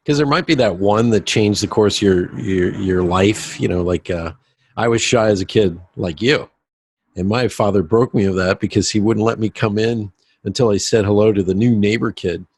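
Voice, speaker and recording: A man hosting a podcast interview, agreeable and relaxed, sharing his own anecdotes in casual chat. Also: lowish voice, moderate pace, slightly rough, dry recording. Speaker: podcast host.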